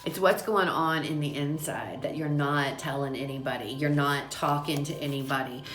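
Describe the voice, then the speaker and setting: A woman's voice: low voice, steady tone, normal speed, fairly bright tone, reverberant, faint music behind. A woman giving a casual tarot reading, talking straight to her listeners in a chatty, repetitive and emphatic way, with a runny nose and watery eyes. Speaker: tarot reader. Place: small room at home.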